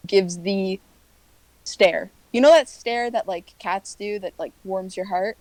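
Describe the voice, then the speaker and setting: A playful woman at a mid pitch describes her character's moves in a tabletop game, often breaking into giggles. Her voice sits close and dry. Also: slow, a little mellow, no room sound, low-quality recording. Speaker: player.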